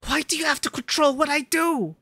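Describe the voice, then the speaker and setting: A hurt young adult daughter pleads and defends herself against her mother, as a streamer reads her lines. The voice is bright and clear, recorded close and dry. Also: sits high, brisk, dry recording, voice pushed up, full character voice. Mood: pleading.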